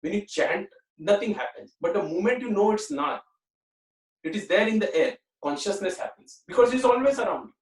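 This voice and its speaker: A man's voice: sits high, animated, normal speed. A man giving an earnest spiritual talk, often repeating himself and saying "you know". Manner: earnest, repetitive, many "you know" fillers. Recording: roomy echo, mic at a distance.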